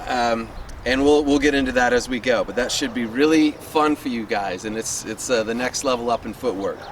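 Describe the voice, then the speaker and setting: A man's voice: mid-range voice, moderate pace. A man coaching a sword fighting class outdoors in his neighborhood, upbeat and encouraging, counting out reps, a little winded. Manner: upbeat and encouraging, chatty with fillers. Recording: distant mic with loud street noise.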